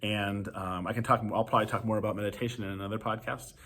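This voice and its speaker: A man hosting a podcast, giving casual advice to teachers and parents in a relaxed, conversational way full of ums and "you know". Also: on the low side, fast talker. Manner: relaxed, filler-heavy, conversational. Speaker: podcast host.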